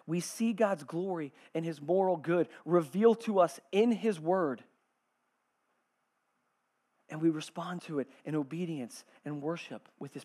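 A man preaching a sermon, reading scripture and swinging from loud, rising calls to soft, slow hushes. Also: on the high side. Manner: dynamic preaching, swells loud then drops to a hush. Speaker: pastor.

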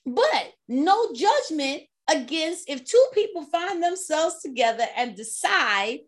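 High-pitched woman in her 50s, animated, laughing through a story. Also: a little slow. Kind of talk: casual chat, storytelling.

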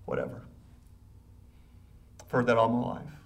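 A pastor delivering a sermon, addressing the congregation directly with urgent rhetorical questions and building to loud, fervent passages. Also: male voice, lowish voice, fairly even intonation, measured pace. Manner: impassioned preaching that swells loud and urgent.

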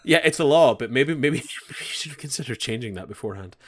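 A man's voice: mid-range voice, lively intonation, fairly quick, a bit bright. A man co-hosting a podcast, chatting casually as he recaps a show, swearing freely and acting out the characters' lines. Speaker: podcast co-host.

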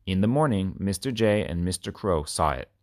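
A man reading short children's stories and simple facts aloud with clear, expressive delivery. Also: deep voice, moderate pace, dry recording, clean studio sound. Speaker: reader.

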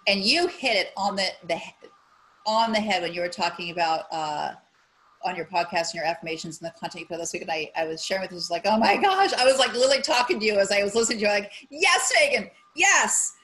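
A woman's voice: fairly low pitch, fast talker, fairly bright tone, slight background noise, rough recording. A woman on a podcast talking frankly and animatedly, swearing casually and acting out her own inner voice. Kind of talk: casual chat.

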